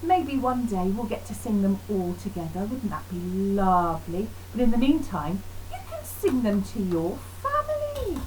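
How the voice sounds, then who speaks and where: A woman teaching a lively online music lesson to young children, encouraging and sing-song. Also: medium pitch, normal speed, few pauses, a little hiss or hum, poor audio. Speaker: primary school music teacher.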